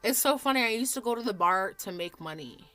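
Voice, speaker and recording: A woman's voice: fairly high pitch, expressive, fairly quick, fairly bright tone. A woman in her thirties chatting casually and rambling as she does her makeup at home on camera for a vlog, swearing freely. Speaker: vlogger.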